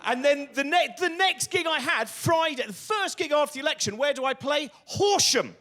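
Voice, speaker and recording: A man's voice: very high-pitched, animated, normal speed, pushed and bright. A man doing stand-up comedy on stage, ranting and swearing with exasperated energy.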